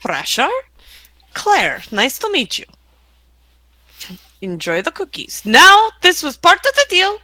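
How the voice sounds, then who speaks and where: A woman playing a tabletop game, calmly describing her character's actions. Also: high voice, slow pace, pauses often, no echo, poor audio. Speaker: player. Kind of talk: tabletop role-play.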